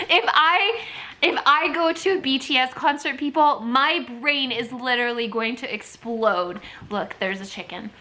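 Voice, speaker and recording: A woman vlogging at home in a casual, expressive way, moving between soft talk and loud outbursts. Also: high-pitched, normal speed, few pauses, slight background noise. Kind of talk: casual vlog chat to camera. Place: at home with her dogs.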